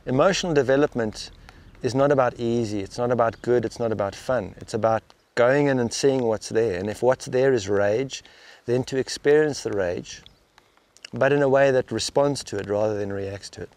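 A man with an ordinary, middle-range voice talks reflectively about inner experience. His delivery is halting and unpolished. He often doubles back to restart a phrase or repeat a word before he goes on. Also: medium pitch, a little mellow. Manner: thoughtful, halting, with frequent restarts and repeated words. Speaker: spiritual teacher interviewed as guest. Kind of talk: reflective interview talk. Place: outdoors in the rain.

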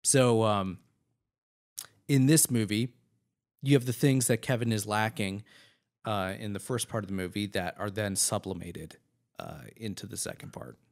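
Low-voiced man rambling film analysis. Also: fairly even intonation, moderate pace, vocal fry, long pauses. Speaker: podcast co-host. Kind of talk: casual film commentary.

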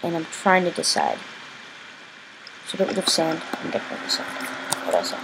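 A man giving rambling, chatty video game commentary as a channel host, breaking into exasperated yelling when things go wrong. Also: on the high side, wildly swooping pitch, normal speed, gravelly, heavy background noise.

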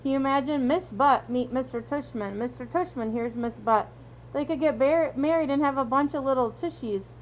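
A woman's voice: sits high, normal speed, a little hiss or hum, natural voice. A woman reading a storybook aloud, voicing a father who jokes and teases his son in a light, playful way. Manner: playful and teasing. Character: joking, playful father driving the family car.

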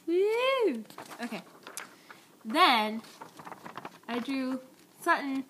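A young woman records a rambling, giggly message to her friends on a tablet's built-in mic. She talks slowly in a slightly higher voice and calls herself awkward. A faint hiss sits under her voice. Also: fairly bright tone. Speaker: vlogger. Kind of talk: casual video message to friends.

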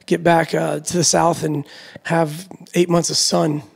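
Gravelly-voiced man telling his story. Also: on the high side, measured pace. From Florida. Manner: relaxed storytelling with many fillers. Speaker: guest, roller dealer. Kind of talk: casual interview chat.

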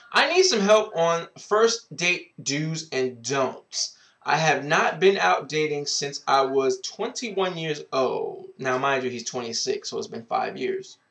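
A man talks into his webcam mic in a casual advice vlog, slow and unhurried. His voice sits at a middle pitch, and he is sassy and outspoken, swearing freely. He keeps coming back to a drawn-out greeting catchphrase. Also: fairly bright tone. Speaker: advice vlogger.

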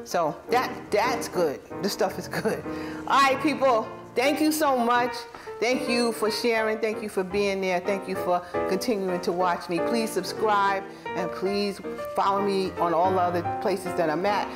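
A woman with a mid-range voice talks her viewers through a home-cooked dish in a loose, rambling way, restarting sentences and chuckling as she goes. She sounds enthusiastic and relaxed, with faint music playing behind her. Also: mid-range voice, a little slow. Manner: chatty and rambling, with frequent self-corrections; warmly enthusiastic about the food, chuckling. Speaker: cooking channel host. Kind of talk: casual cooking demonstration.

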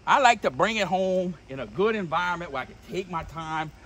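A man's voice: animated, fairly quick. Boisterous Louisiana man demonstrating outdoors. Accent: Louisiana Cajun. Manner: boisterous and slangy, says dude and boom a lot. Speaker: host. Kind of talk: hands-on how-to demonstration. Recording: distant mic with loud outdoor noise.

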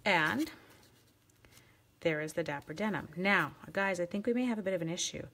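A woman's voice: lowish voice, normal speed, a bit bright. A woman hosting a live craft demonstration, chatting playfully with viewers and teasing herself as she works. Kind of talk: casual live craft demo.

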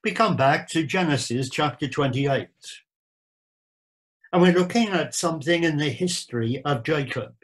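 A man preaching a sermon, explaining a Bible verse in a measured, deliberate way with emphatic repetitions. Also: on the high side, fairly bright tone, low-quality recording.

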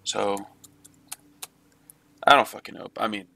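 A man's voice: fairly low pitch, fairly even intonation, a little slow, creaky, bright, forceful tone. A man giving running let's play commentary on a game, swearing often and talking to himself and at the game. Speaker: gamer.

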